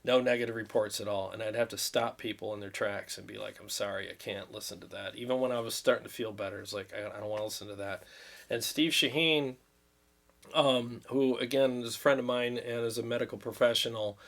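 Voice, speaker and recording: A man's voice: fairly low pitch, fairly bright tone. Man, fifties, casual livestream talk, earnest, rambling. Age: 50s. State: recovering from illness, drained. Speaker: livestream host.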